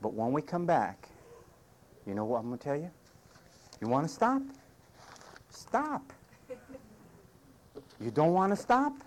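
A man's voice: on the high side, huge pitch swings, normal speed, long pauses, darkish tone, a little hiss or hum. A male pastor preaching a sermon with emphatic, punchy commands and wry humor. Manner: wry humor, mimics whiny complainers.

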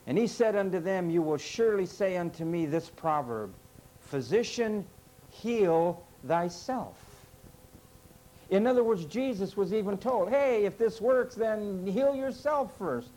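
High-voiced emphatic man preaching. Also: animated, moderate pace, hardly any pauses, warm tone, low-quality recording. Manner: emphatic, rhetorical questions to congregation. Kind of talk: sermon. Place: church with parking lot.

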